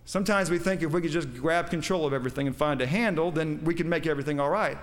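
A man's voice: fairly high pitch, quick pace. A man preaching a sermon, quoting scripture with emphasis and putting questions to his congregation. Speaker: pastor.

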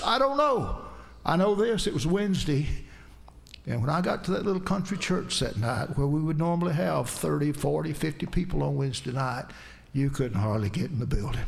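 Gravelly preacher telling a testimony. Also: male voice, a little high. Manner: earnest storytelling, voice rising in emphatic bursts. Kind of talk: sermon with personal testimony.

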